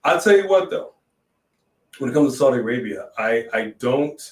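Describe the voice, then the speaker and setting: A man co-hosting a casual wrestling chat, animated, riffing and joking. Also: medium pitch, moderate pace, far from the mic. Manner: animated, sings jokingly, reads in a newscaster voice. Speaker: podcast co-host. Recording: echoey room, off-mic.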